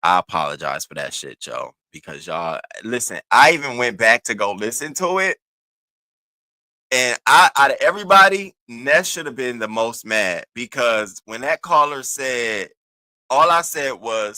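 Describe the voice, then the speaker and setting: Man, livestream host, loose profane chat, bright tone, dry room. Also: mid-range voice, lively intonation, a little slow, no echo. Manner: loose, profane, talks to chat viewers by name.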